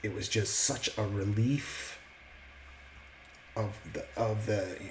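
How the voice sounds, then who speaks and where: Vlogger, male, lower register; earnest, reflective testimony, stop-start phrasing; faint background hiss. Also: darkish tone, rough recording. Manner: halting, with many restarts and fillers. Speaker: vlogger sharing his testimony. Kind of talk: casual personal testimony.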